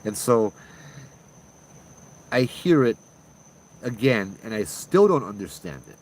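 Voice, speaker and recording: Brief: low-pitched man, host, rambling casual ghost-story telling, faint background noise. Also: big pitch swings, slow, darkish tone, rough recording. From Hawaii. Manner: rambling, with many restarts.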